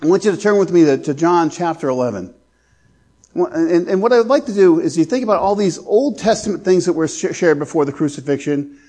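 A man preaching a sermon as pastor, earnest, slowing down to stress scripture. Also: on the high side, dark tone.

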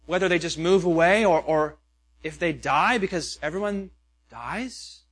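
A man's voice: fairly high pitch, unhurried, fairly bright tone. A pastor preaching a sermon, earnest and questioning, with many rhetorical questions to his listeners.

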